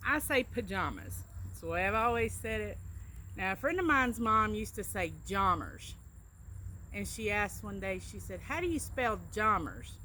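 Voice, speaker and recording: A chatty middle-aged woman with a Southern Alabama drawl, talking casually and explaining words with small stories. Her voice is bright and forward, and faint background noise sits behind her. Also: mid-range voice, sing-song, moderate pace. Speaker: co-host, travel agent. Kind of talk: casual accent-tag chat.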